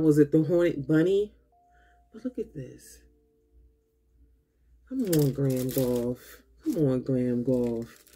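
A woman with a husky, slightly breathy voice unboxing makeup for her viewers, speaking. She talks slowly and sounds tired and drained, yet keeps gushing with excitement. Soft music plays faintly behind her. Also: low-pitched. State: tired and low on energy. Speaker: beauty vlogger. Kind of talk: casual unboxing chat.

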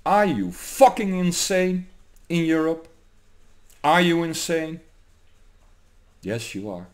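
Guy ranting at the camera, cursing a lot, slow deliberate delivery. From Germany. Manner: ranting, profane, swings between shouting and low menacing mutter. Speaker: vlogger. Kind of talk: angry political rant to camera.

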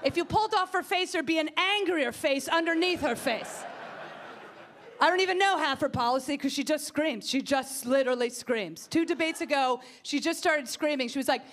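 A woman's voice: sits high, normal speed, a bit bright, slight background noise. A woman comedian doing a stand-up set in a comedy club, ranting with sarcastic exasperation on a stage mic.

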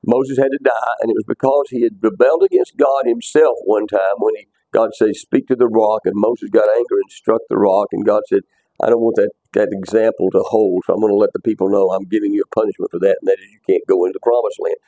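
A man's voice: lowish voice, fairly even intonation, fast, dark tone, no room sound, muffled recording. A man teaching a bible class, talking conversationally, repeating himself and quizzing his students.

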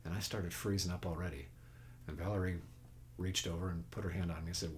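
A man's voice: low-pitched, steady tone, fairly quick, slight background noise. A man teaching guitar on a casual webcast, folksy and chatty, counting beats and humming notes as he plays. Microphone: home webcast mic. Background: own guitar playing.

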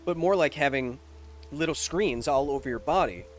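A man's voice: on the high side, moderate pace, slight background noise. A man streaming a video game with casual, rambling commentary and jokey asides. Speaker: gaming streamer.

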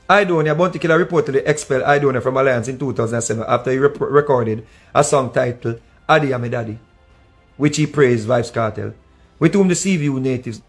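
A man with a Jamaican accent giving animated casual commentary, slipping between patois and English and breaking into snatches of song. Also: mid-range voice.

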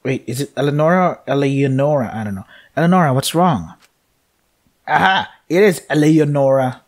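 A man's voice: mid-range voice, expressive, normal speed. A young man playing a game, reading its text aloud with loose, joking commentary and frequent laughs. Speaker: let's play host.

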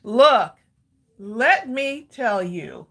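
Woman, higher voice, chatty live-stream host, rambling with ums. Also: big pitch swings, drawn-out words, a bit bright, slightly rough. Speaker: livestream crafting host. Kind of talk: casual live-stream chat.

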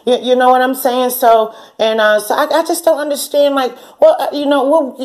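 A woman in her forties with a fairly high voice tells a long story as host of her own channel. She talks bluntly and curses freely. She breaks into laughter and acts out the lines of the people in her story. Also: steady tone, normal speed, a little mellow. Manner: blunt and profane, laughs often, acts out quotes. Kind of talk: casual storytelling rant.

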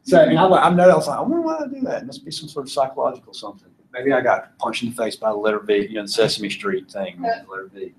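This Southern philosophy teacher from Georgia talks fast with hardly any pauses, his voice at a medium pitch. Chatty and informal, he questions the class and laughs a lot, though the recording is rough.

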